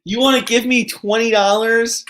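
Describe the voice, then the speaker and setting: A man co-hosting a wrestling watch-along, commenting casually and breaking into loud excited exclamations. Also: extremely high pitch, moderate pace, slight background noise.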